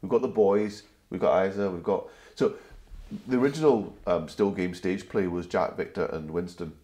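A man with a gentle, slightly anglicised Glasgow accent, chatting as a guest and telling anecdotes. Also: low-pitched, moderate pace. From Glasgow, Scotland. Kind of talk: casual interview chat.

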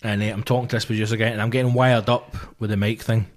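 A man in his thirties with a Glaswegian accent, a comedian swearing his way through an animated anecdote in casual podcast chat. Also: lowish voice, quick pace. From Scotland. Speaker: stand-up comedian guest.

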